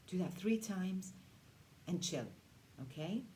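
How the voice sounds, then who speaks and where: A woman in her forties leading a casual self-care workshop for teens, chatty and reassuring, slipping into quick voices to act out moods. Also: on the low side, a little hiss or hum. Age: 40s. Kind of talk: casual teaching talk to teens.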